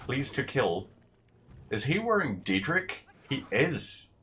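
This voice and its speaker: A man's voice: medium pitch, very animated, slow, fairly bright tone, a little hiss or hum. A man giving casual, sarcastic gameplay commentary with rambling asides.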